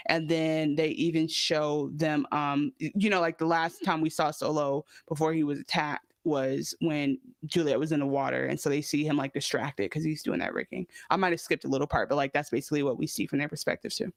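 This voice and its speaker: A woman co-hosting a podcast, chatting about a TV episode in a rambling, animated, incredulous way. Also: sits low, a little fast, hardly any pauses, no room sound, studio quality. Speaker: podcast co-host. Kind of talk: casual TV recap chat.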